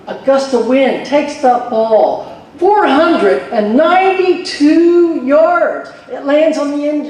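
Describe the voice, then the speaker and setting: A man emceeing on a convention stage, telling jokes and introducing speakers in a folksy, animated way. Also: very high voice. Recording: echoey hall from far off.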